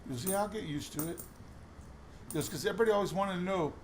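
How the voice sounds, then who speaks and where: Male vlogger, raised pitch, gravel in the voice, rambling storyteller, faint hiss behind. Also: fairly quick. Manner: chatty storytelling with many restarts. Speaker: coin roll hunting vlogger. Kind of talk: casual chat while searching coins.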